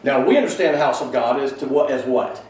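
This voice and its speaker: A man's voice: medium pitch, fast, a little mellow. A man teaching a conversational Bible class in a church classroom, thinking aloud and putting questions to the class. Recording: very echoey room, mic far off, faint hiss.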